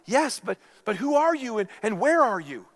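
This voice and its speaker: A pastor voicing a frantic man who is dangling from a cliff edge, yelling and stammering his pleas for help. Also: a little high, animated, normal speed, long reverb tail. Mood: desperate pleading.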